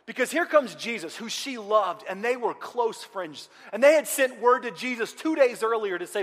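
A man preaching a sermon as pastor, moving between loud outcries and hushed, quiet passages. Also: high-pitched, lively intonation, fairly quick, hardly any pauses. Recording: long hall reverb.

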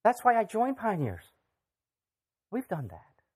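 A preacher delivering a sermon with a lively, rising-and-falling voice. The talk is conversational, with frequent direct questions thrown out to the audience. The pitch sits in a middle register. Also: slow pace, breathy edge. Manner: conversational, acts out scripture voices.

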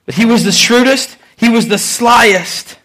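A man's voice: extremely high pitch, a little slow, a bit bright. A male pastor delivering a sermon in an emphatic, conversational way, repeating words for effect.

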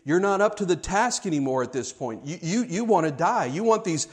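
A man's voice: high voice, lively intonation, fairly quick. A man preaching a sermon, reading scripture aloud and explaining it with conversational asides and repeated words.

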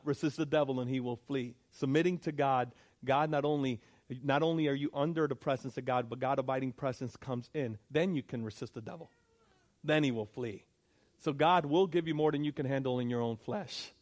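A man's voice: medium pitch, a little mellow. A male pastor preaching a sermon, emphatic, repeating his points and checking in with the congregation.

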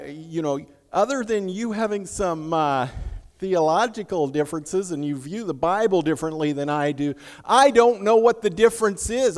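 A man voicing a nervous, sincere young male student who asks in a quick, rising voice. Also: high-pitched, big-room sound, voice pushed up.

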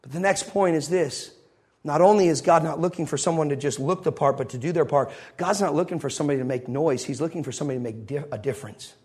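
A male pastor preaching a sermon, telling a story with animated energy and acting out the scenes. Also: fairly high pitch, quick pace, husky.

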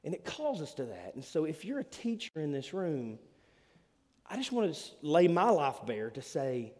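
A man preaching a sermon as a church pastor, animated and self-deprecating. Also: on the high side, normal speed. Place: church sanctuary. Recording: long reverb of a church hall.

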